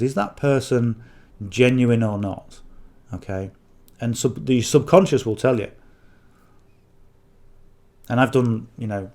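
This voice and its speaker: This coach has a medium pitch and a dark tone. He's a middle-aged northern English man giving rambling, casual affiliate marketing advice to camera, frequently adding "okay?" and "you know."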